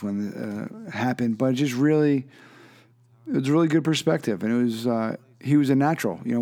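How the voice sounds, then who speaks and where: Laid-back, mellow-voiced male podcast host. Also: mid-range voice. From Philadelphia. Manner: laid-back, rambling, many fillers and restarts. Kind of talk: casual interview chat.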